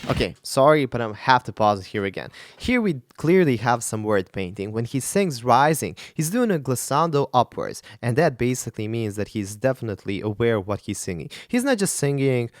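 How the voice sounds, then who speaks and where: A man's voice: mid-range voice, sing-song, fairly quick, few pauses, no room sound, clean studio sound, soft background music. A man, a vocal coach, giving enthusiastic, analytical commentary while reacting to a song. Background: faint rock song playing.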